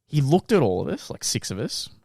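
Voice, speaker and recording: A man's voice: medium pitch, big pitch swings, a little fast, creaky, darkish tone, dry recording, clean studio sound. A young man telling a story on a podcast, acting out voices and laughing often. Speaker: podcast co-host. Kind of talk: casual storytelling chat.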